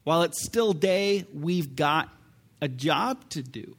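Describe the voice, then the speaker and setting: A man's voice: a little high, expressive, slow pace, fairly bright tone, slightly rough. A man preaching a sermon, talking to his congregation in a conversational way, with fillers and sudden emphatic swells. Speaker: pastor.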